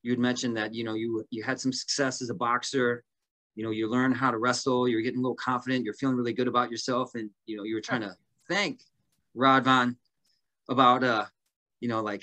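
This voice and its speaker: A man's voice: medium pitch, level tone, fairly quick, pushed and bright. A man as a podcast guest, telling long stories casually with many fillers and restarts. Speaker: guest fighter.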